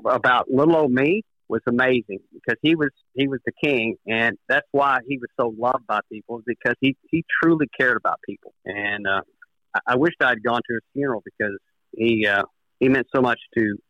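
A man's voice: mid-range voice, a little fast, dry recording, dull audio. Plainspoken man recalling a golf memory. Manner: reflective, plainspoken storytelling. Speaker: guest golfer. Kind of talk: podcast interview.

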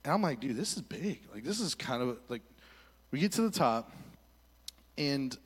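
Animated man telling a sermon story. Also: medium pitch. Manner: animated storytelling with voiced quotes. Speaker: pastor. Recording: long hall reverb.

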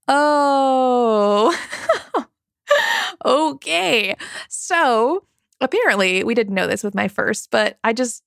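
A woman's voice: mid-range voice, fairly bright tone, no echo. A woman in her thirties hosting a parenting podcast, telling a personal story in a candid, chatty, confiding way into a studio mic. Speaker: podcast host. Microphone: studio microphone.

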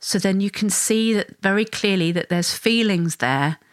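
A woman talks through a parenting podcast in a relaxed, conversational way, now and then slipping into quoted voices at a higher pitch. Her voice sits in the middle range and the sound is close and dry, with no room around it. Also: normal speed, dry recording. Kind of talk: solo podcast explanation.

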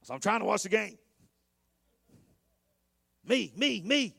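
High-voiced fervent pastor preaching. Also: male voice, animated, vocal fry, husky, no echo, clean studio sound. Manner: fervent preaching with sudden shouted peaks and drawn-out words. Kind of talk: sermon. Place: church sanctuary.

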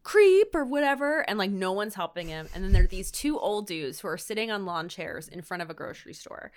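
A woman's voice: fairly low pitch, brisk. A woman co-hosting a podcast, casually recapping a TV episode in a rambling way, full of "like" and "um". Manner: rambling, full of "like" and "um", acts out quotes in silly voices. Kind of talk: casual comedic recap chat.

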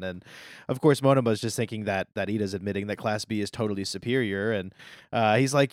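Lively male podcaster recapping scenes. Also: mid-range voice, a little fast, no room sound, studio quality. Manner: expressive storytelling, recounts scenes with quoted lines. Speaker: podcast co-host. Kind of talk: casual chat.

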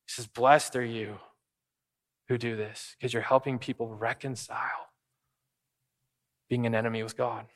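A man's voice: a little high, fairly bright tone. A man preaching a sermon, emphatic and direct, acting out quoted voices as he goes. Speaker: pastor.

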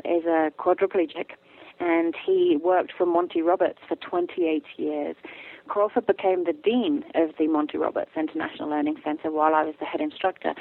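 A woman guest talking casually in an interview, telling stories with lively acted-out quotes. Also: lowish voice, no echo. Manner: animated storyteller, acts out quotes. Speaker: guest, animal communicator. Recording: tinny phone line, dry.

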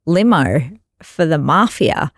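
A woman's voice: low-pitched, expressive, slow pace, no echo, studio quality. A young woman hosting a podcast, chatting casually and laughing through a travel story. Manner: chatty, laughs through her own stories.

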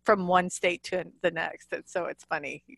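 A woman's voice: on the low side, steady tone, normal speed, vocal fry, a bit bright, no room sound, studio quality. A woman from the northern US Midwest with a Midwestern accent, a romance author chatting as a guest and laughing often. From US Midwest, Illinois. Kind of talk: casual interview chat.

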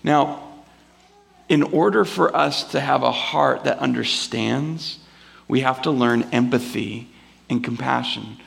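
Male pastor, casual rambling sermon delivery, gravelly fry in the voice, slips into playful character voices. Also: mid-range voice, slow, fairly bright tone. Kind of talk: conversational sermon. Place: church before a live congregation.

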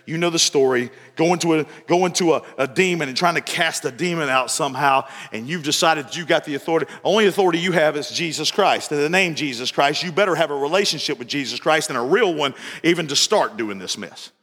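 A pastor preaches with a high, bright, ringing voice, acting out the dialogue of his stories. He repeats phrases as he drives his points home. The sound rolls around a reverberant church hall. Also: fast talker, few pauses. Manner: folksy storytelling, repeats phrases, acts out dialogue. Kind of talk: evening sermon with anecdotes. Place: church sanctuary.

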